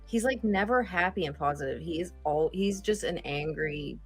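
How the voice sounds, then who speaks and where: A woman's voice: on the low side, normal speed, slightly rough, soft background music. A woman on a podcast panel talking bluntly and casually, swearing freely. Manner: blunt, profane, laughing. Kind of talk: casual chat.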